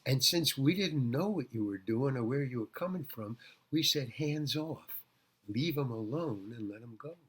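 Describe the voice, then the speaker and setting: An older man, a guest actor, casually telling rambling anecdotes in an interview, with halting restarts and repeated words. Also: mid-range voice, lively intonation, a bit bright, breathy edge.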